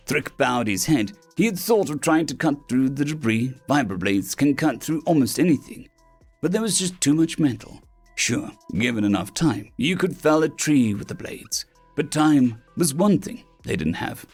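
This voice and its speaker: A man narrating science fiction stories as an audiobook reader, animated and putting on voices for the characters. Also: medium pitch, moderate pace, breathy edge, soft background music. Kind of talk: scripted narration of sci-fi stories.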